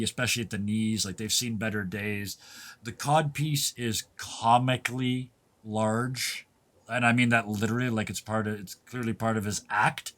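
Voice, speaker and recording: A man's voice: on the low side, fairly bright tone. A man as game master, narrating a tabletop game with vivid, descriptive detail.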